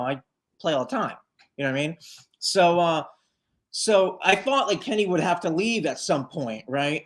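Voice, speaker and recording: A man chatting as a guest on a live show, leading a tribute band and telling a winding story. He keeps stacking fillers and restarts, then jumps into little acted-out quotes of the people in it. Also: high voice. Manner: rambling, full of fillers, acts out quoted lines. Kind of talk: casual storytelling in a live interview.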